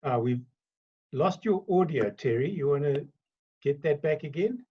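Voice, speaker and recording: A man hosts a relaxed interview over a video call, chatting easily and laughing along with his guest. His voice sounds a little husky, and the call audio is dull and lo-fi. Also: a little high, measured pace. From South Africa. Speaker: interview host.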